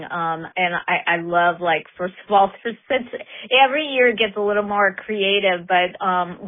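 Bubbly woman radio talk show host. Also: medium pitch. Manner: bubbly, excitable, chatty with fillers. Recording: narrow phone-like radio sound.

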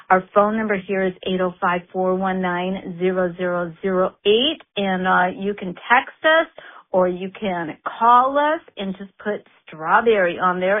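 Bubbly woman radio talk show host. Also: medium pitch. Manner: bubbly, excitable, chatty with fillers. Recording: narrow phone-like radio sound.

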